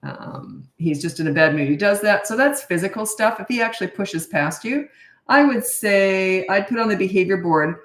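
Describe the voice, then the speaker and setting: With medium pitch, lively intonation and a moderate pace, a middle-aged parenting coach answers questions in a casual Q&A. Her manner is blunt and matter-of-fact, broken up by chatty asides, in a recording with roomy echo.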